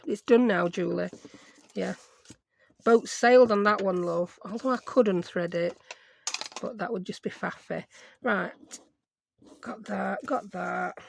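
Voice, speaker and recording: A woman's voice: medium pitch, vocal fry. A woman chatting casually and rambling as she thinks aloud through a craft project. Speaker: craft vlogger. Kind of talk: casual chat while crafting.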